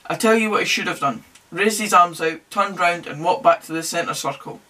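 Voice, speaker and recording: A man's voice: high-pitched, moderate pace, sharp tone, distant mic. A young man hosting a casual football podcast, chatty and jokey with wry asides. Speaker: podcast host. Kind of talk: casual solo football commentary.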